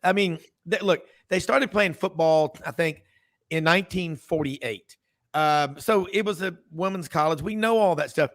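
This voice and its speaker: A sports radio host talks in a rambling, chatty way, piling up asides and restarting his sentences. His voice sits fairly high for a man. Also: moderate pace, a bit bright. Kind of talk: casual sports talk.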